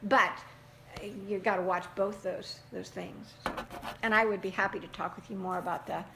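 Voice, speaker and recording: A middle-aged woman teaching a group of parents in a lively, animated way, often acting out what parents say and laughing. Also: medium pitch, moderate pace, creaky. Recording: echoey room, faint background noise.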